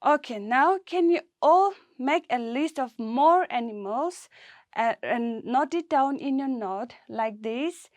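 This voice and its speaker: A woman's voice: high voice, lively intonation, takes it slowly, dry recording. A woman from Nagaland, India, teaching a primary English lesson and spelling words letter by letter for the class to repeat.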